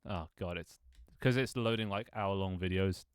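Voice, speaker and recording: A man's voice: sits low, normal speed, smooth, dry recording, clean studio sound. A man in his twenties chatting casually on a live stream, rambling, laughing often and joking about himself with casual swearing. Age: 20s. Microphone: desk microphone.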